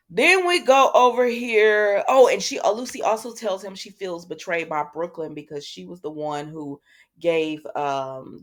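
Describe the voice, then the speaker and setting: A woman hosting a casual soap opera recap, chatting loosely and retelling scenes through quoted dialogue, with plenty of fillers and offhand asides. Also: fairly low pitch.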